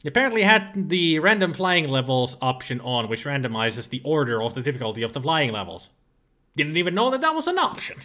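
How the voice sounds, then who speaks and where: A man's voice: on the high side, very animated, brisk, bright, forceful tone. A tired man casually commentating his retro gameplay on a livestream, chatty and prone to laughing, swearing and mocking the game. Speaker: livestreamer playing retro games.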